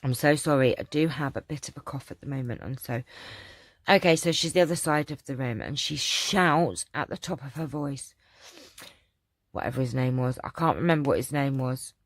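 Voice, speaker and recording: A woman's voice: a bass voice, moderate pace, no echo. Chatty older Cockney woman, dry sound. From London. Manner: rambling storyteller, many ums and restarts. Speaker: channel host answering viewer questions. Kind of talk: casual chat.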